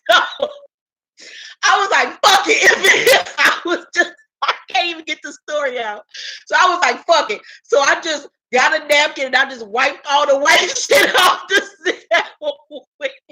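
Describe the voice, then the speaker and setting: A woman's voice: high voice, unhurried, sharp tone, rough recording. A woman vlogger telling a casual storytime, slangy and profane, often laughing as she talks and quoting her own thoughts. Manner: quotes herself in her inner voice.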